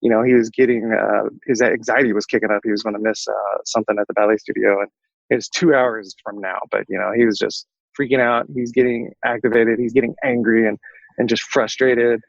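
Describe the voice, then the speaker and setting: A man telling a personal story as a podcast guest, fast and lively, acting out the dialogue. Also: lowish voice, gravelly, no echo, highs cut off. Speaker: coaching client and guest.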